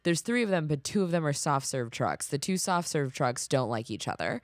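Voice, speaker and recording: A woman co-hosting a podcast, telling stories in a dry, deadpan casual way. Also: low-pitched, normal speed, dry recording. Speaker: podcast co-host. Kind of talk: casual chat.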